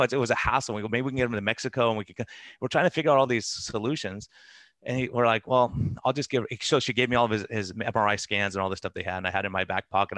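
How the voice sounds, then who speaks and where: Fast-talking animated male doctor. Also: lowish voice, dry recording. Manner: animated, laughing anecdotes with quoted voices. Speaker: physician guest. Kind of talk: conversational storytelling interview.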